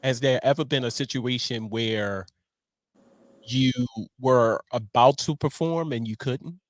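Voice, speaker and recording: A man hosting a podcast, who asks questions and eggs on his guest with laughs and short replies. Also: mid-range voice. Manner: slow, encouraging interjections and laughs. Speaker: podcast host. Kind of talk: casual interview chat.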